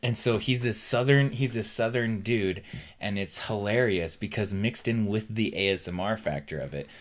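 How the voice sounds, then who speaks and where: A man with a lowish voice speaks at normal speed as a podcast co-host in a casual chat. He tells stories in a rambling way, full of fillers and restarts.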